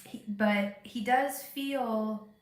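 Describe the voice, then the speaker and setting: A woman's voice: a little high, drawn-out words, reverberant. Congested woman giving a chatty tarot reading. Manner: chatty, thinking aloud with many fillers and restarts. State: stuffed-up, congested voice. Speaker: tarot reader. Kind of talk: live-streamed tarot reading.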